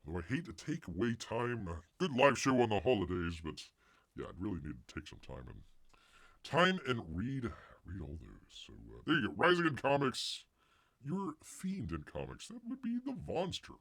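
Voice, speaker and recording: A man's voice: on the low side, wildly swooping pitch, moderate pace, gravelly, a bit bright, no room sound, clean studio sound. A man hosting a casual live stream, rambling and joking, muttering asides and calling himself Bear. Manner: rambling, jokey, calls himself Bear in the third person; mutters asides under his breath. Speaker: host of a comics news live stream.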